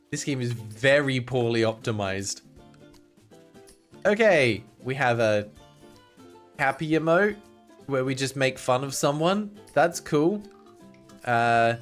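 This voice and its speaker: Excitable, chatty male game streamer. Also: a little high. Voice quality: excitable, chatty, jokey, often chats with viewers. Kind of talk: casual game-stream commentary.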